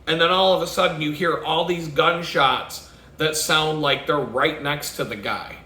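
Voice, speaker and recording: A man, ranting alone with swearing and conspiracy talk, sometimes shouting loudly. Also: a little high, fairly even intonation, a little slow, echoey room. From Texas. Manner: profane, conspiratorial, swings into loud shouting and mimicked sounds. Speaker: podcast host. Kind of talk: profane solo rant.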